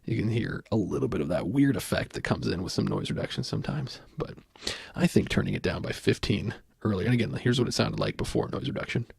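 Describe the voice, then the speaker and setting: A man speaking softly in a low, deeply gravelly and husky voice that sounds a little sore. He walks through a software tutorial in a loose, thinking-aloud way, his pitch moving around a lot. The sound is close and dry. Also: very animated, fast, dry recording. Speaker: audio tutorial host. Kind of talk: soft-spoken screen tutorial.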